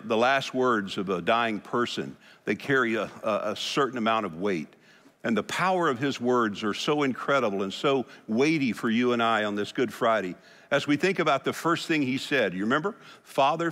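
A man preaching an earnest sermon as pastor, with pauses and restarts. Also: medium pitch, fairly bright tone, long reverb tail.

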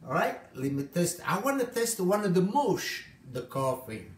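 Cheerful Italian man with a higher voice. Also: very animated, moderate pace, reverberant. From Italy. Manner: cheerful broken English, storytelling. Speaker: home cook host. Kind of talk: casual live-stream cooking chat.

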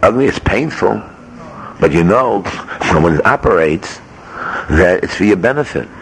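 A man's voice: low-pitched, lively intonation, moderate pace, creaky, a little hiss or hum. A man, a rabbi teaching a Torah class at a yeshiva, speaking emphatically, firing rhetorical questions and mixing Hebrew terms into his English. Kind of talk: Torah lecture. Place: yeshiva study hall.

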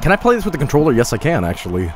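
Hyped up guy streaming, voice bounces all over, kinda high, swears a lot, faint hum behind. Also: rapid-fire. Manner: excitable, swears freely, laughs often. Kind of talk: live stream commentary.

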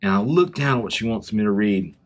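A man with a Southern US accent gives a children's chapel talk, telling a story to the schoolchildren. His pitch rises and falls a lot, and he keeps asking the kids direct questions. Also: lively intonation, brisk. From South Carolina, USA.

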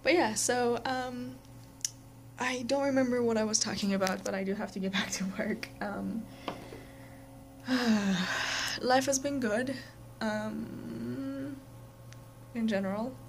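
A woman's voice: on the high side, steady tone, takes it slowly, creaky, pauses often, a little hiss or hum. A young woman chatting casually in a vlog, rambling with lots of fillers and restarts. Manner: rambling, many fillers and self-corrections. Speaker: vlogger.

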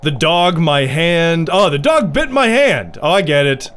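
A man hosting a let's play, giving sarcastic, excitable commentary as he plays a horror game. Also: fairly high pitch, a little slow, hardly any pauses. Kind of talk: casual gameplay commentary.

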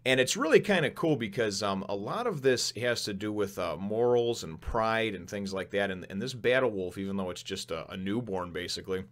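A man's voice: fairly low pitch, expressive, brisk, hardly any pauses, a bit bright. A man casually reviewing a manga chapter, rambling with many fillers, laughing often and swearing now and then.

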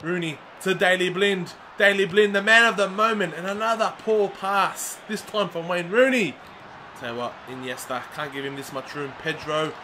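A young man, a regular on the channel, excitably commentating a football video game, swinging from groans to yells. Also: sits high, normal speed, a little hiss or hum. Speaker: gaming commentator.

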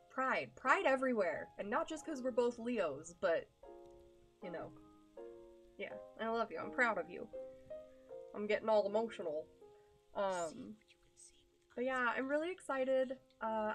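A young woman streaming live, chatting casually with her viewers in a gushing, affectionate way, full of ums and likes. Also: mid-range voice.

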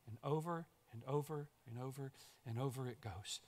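A man's voice: mid-range voice, moderate pace, hardly any pauses. A man preaching a sermon as pastor in a church sanctuary, emphatic and repetitive, building to rallying calls.

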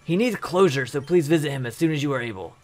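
A man's voice: on the high side, lively intonation, fast talker, lightly acted. A man reading aloud the lines of a remorseful former gang leader from a video game, in an earnest, apologetic way.

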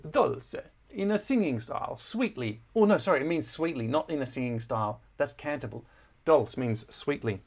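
A man explaining a musical score in a relaxed, chatty way, often pausing with fillers and correcting himself as he goes. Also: mid-range voice. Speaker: music teacher. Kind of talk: casual score walkthrough.

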